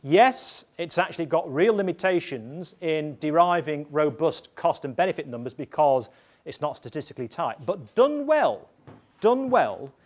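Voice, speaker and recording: Man, fairly high voice, lecture teaching, deliberate, repeats himself, asks "yeah?". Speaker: evaluation trainer.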